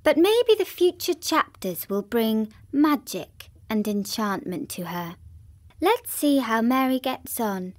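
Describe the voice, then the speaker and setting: A woman narrating a children's classic in a gentle, even storytelling manner, with a synthetic sound. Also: on the high side, slow pace.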